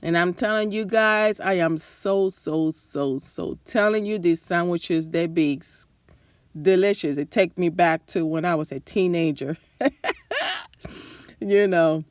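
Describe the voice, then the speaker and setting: Her lowish voice, a little slow and captured in a dry recording, belongs to a cooking channel host from the New Jersey and New York area. Standing at her home kitchen stove, she demonstrates casually, chatty and enthusiastic, speaking directly to viewers as her voice gives out.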